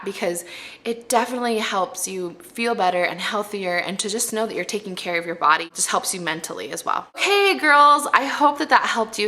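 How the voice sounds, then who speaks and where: Young pregnant mom vlogger, heartfelt and earnest, bright tone, casual to-camera advice. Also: female voice, medium pitch. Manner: earnest and heartfelt, addressing moms directly. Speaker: mommy vlogger.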